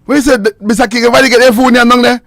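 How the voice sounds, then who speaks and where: A man's voice: very high-pitched, steady tone, rapid-fire, vocal fry, fairly bright tone, dry recording. A man with a Jamaican accent hosting a call-in radio show, joking and laughing with callers.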